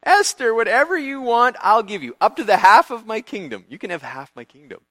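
A man's voice: a little high, fairly quick, a bit bright, dry recording, natural voice. A man voicing a generous, boastful ancient king who makes grand offers, while telling a story.

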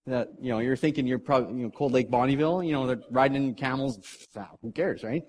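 A middle-aged man preaching to a live audience in a hall, telling a story in a casual, animated way, with jokes and acted voices. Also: medium pitch, fast talker, a little hiss or hum. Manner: animated, jokey, acts out characters.

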